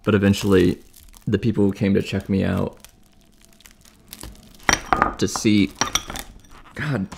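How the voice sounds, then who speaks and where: A man's voice: fairly low pitch, steady tone, takes it slowly, vocal fry, pauses often, a little mellow, slight background noise. A young man talking casually in an exasperated, chatty way, acting out other people's lines as he tells a story at home. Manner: chatty, exasperated retelling with acted-out quotes. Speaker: vlogger recovering from surgery. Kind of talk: casual storytelling while cooking.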